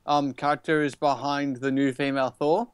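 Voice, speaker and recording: A man's voice: mid-range voice, flat delivery, normal speed, smooth, no echo. A man speaking as a panelist in a casual podcast chat, with brief wry remarks.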